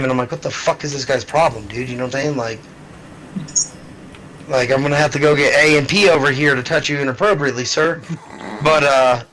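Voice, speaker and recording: Blunt, slightly high-voiced man. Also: sharp tone, slight background noise, poor audio. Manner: blunt, profane. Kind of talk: casual storytelling.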